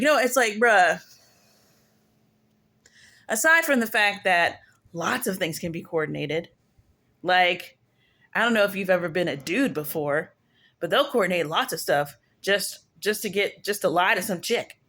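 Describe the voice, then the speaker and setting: A woman's voice: mid-range voice, a bit bright. A woman giving a casual commentary rant on her own channel, emphatic and slangy, repeating phrases for effect.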